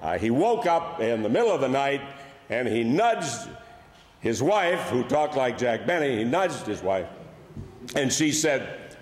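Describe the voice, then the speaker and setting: In a large church hall, an older man with a Buffalo, New York accent does humorous storytelling as a comedian, delivering wry tales with dry punchlines. He is a Buffalo native with a sing-song, mid-range voice and an unhurried pace. The hall's echo gives the recording long reverb.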